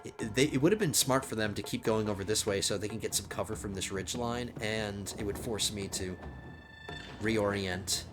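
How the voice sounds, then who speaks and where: A man's voice: fairly low pitch, normal speed, music in the background. A man whose voice is strained, casually talking through his moves as he plays a strategy game. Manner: thinking out loud while playing. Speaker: gaming channel host. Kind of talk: casual let's play commentary.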